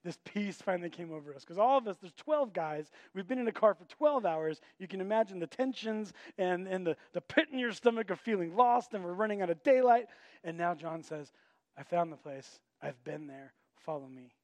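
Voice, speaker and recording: With a high voice and a fairly quick delivery, a pastor tells a story during his sermon, animatedly acting out each person's voice. The recording is dry.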